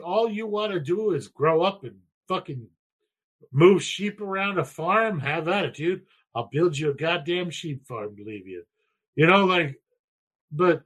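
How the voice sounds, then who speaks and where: A middle-aged man co-hosting a podcast, telling crude, animated stories about his kids in casual talk. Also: mid-range voice, breathy edge. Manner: profane, animated storyteller. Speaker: podcast co-host.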